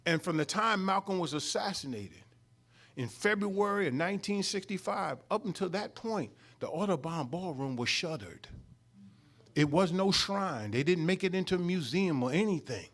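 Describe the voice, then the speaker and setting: Emphatic preaching man, bright high voice. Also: expressive, moderate pace. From New York. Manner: preacherly, rising emphatic swells and call-outs to the congregation. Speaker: student minister. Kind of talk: sermon-style study lesson. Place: mosque hall.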